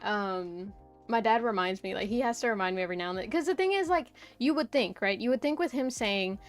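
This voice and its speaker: A woman's voice: medium pitch, expressive, brisk, soft background music. Rambling young woman streamer. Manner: rambling storyteller, lots of "like" and "right?". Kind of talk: casual stream chat.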